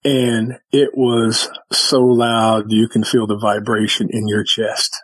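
A man's voice: on the low side, little pitch movement, takes it slowly, breathy edge, no room sound, poor audio. A man who is a podcast guest, telling a story in casual chat and acting out the exchanges with vivid detail.

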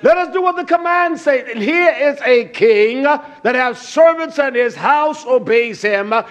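High-voiced emphatic male preacher. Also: animated, a little slow. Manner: emphatic, repeats key words. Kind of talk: sermon.

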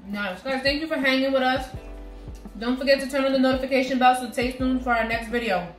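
A woman's voice: high-pitched, fairly even intonation. Playful woman co-hosting a kitchen cooking vlog. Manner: playful, teasing, quick to laugh. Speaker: cooking show co-host. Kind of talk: casual cooking demonstration. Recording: echoey room, faint music.

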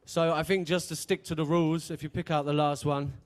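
A man's voice: fairly high pitch, little pitch movement, fairly quick. A man emceeing a live beatbox event on stage, chatty and joking as he hypes the crowd. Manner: hyping the crowd, chatty and jokey. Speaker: event host.

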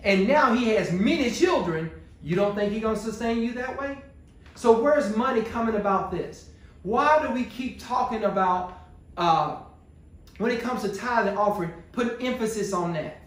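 Male pastor, high voice, sermon with rhetorical questions, heavy church echo. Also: lively intonation, normal speed. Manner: call-and-response preaching, rhetorical questions. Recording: very echoey church room.

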